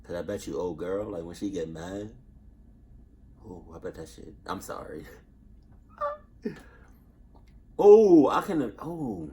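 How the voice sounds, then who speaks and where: A man's voice: low-pitched, steady tone, measured pace, pauses often, warm tone, a little hiss or hum. A man hosting a reaction video, rambling casually, swearing, laughing and interrupting himself.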